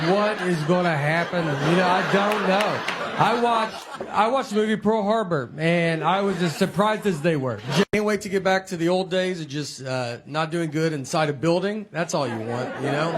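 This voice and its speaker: Deadpan man doing stand-up. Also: sits high, noisy background. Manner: deadpan, self-deprecating storytelling. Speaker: stand-up comedian. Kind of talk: stand-up comedy routine. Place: theater stage before a laughing audience. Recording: live show with audible crowd.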